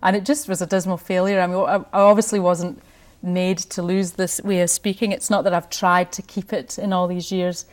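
This is a middle-aged Scottish woman, a radio host, chatting through a conversational interview with frequent laughs and restarts. Her voice sits on the low side, level in tone, at a normal speed.

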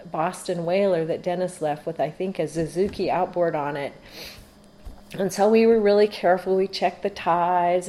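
A middle-aged woman being interviewed, telling a long story casually with rambling asides. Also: fairly low pitch. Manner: rambling, animated, laughs while telling.

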